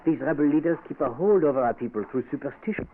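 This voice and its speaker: A man's voice: on the high side, fast, lightly acted. An actor playing a cynical, French-educated male doctor, suave and ironic, in a 1940s radio drama. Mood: persuasive. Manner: suave, ironic, keeps saying monsieur. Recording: tinny old radio broadcast with faint hiss.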